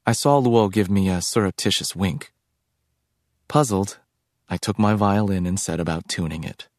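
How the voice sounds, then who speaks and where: A man reading a novel aloud as narrator in a measured, reflective way. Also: sits low, darkish tone, no room sound, studio quality. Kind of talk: scripted audiobook narration.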